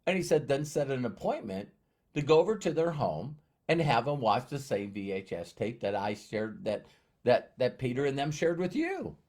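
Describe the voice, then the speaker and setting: At a moderate pace and medium pitch, a man gives a storytelling talk as a motivational speaker, drawing on his own life. He brings a conversation to life by animatedly playing both roles.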